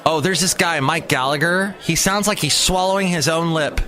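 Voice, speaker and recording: With a faint crowd audible, the host of a daily podcast delivers a rambling comedy monologue at a moderate pace in a slightly high voice. He's animated and keeps breaking off, restarting and wandering into asides, slipping into character voices along the way.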